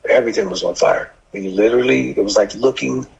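A man's voice: medium pitch, fast talker. An older man, a longtime firefighter, recounting events in an interview with vivid, emphatic storytelling. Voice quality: gravelly, husky. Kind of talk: interview recollection. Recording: dull lo-fi sound.

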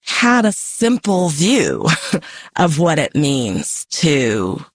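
A woman poet from the American West answers interview questions slowly, thinking aloud. Her manner is measured and reflective, with soft laughs along the way, and the sound is close and dry. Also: deep voice, huge pitch swings, no echo. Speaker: author and poet, interview guest.

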